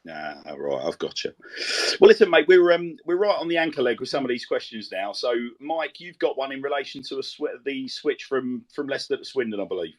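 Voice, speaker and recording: A man's voice: mid-range voice, sing-song, brisk, dry recording. A middle-aged man hosting a casual podcast interview, chatty and bantering. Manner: chatty, bantering, calls people mate. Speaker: podcast host.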